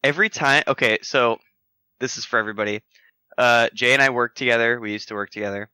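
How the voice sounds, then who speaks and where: Casual podcast co-host: man, bright tone, dry close mic, crude joker. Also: mid-range voice, fast, smooth, no room sound. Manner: joking, crude, laughing storyteller. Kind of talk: casual chat.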